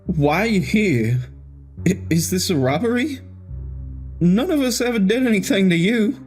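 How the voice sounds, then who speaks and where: A man's voice: high-pitched, expressive, normal speed, a little mellow, breathy edge, faint music behind, voice pushed up. A man voicing a frightened, stammering male hostage in a horror story narration. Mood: nervous. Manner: nervous stammering.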